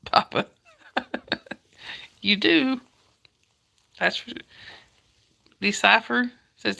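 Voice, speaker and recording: Zuid-Amerikaanse vrouw, krakerige stem. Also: female voice, mid-range voice, slow, gravelly, pauses often, bright, forceful tone. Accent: Southern US. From Georgia, US. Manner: chatty, greets viewers by name, laughs often. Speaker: livestream host. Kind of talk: casual live chat reading viewer comments.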